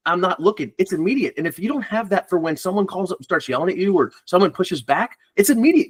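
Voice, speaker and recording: Speaking in a high-pitched, slightly rough voice, the recruiter gives a blunt, casual podcast chat, swearing and reenacting phone calls.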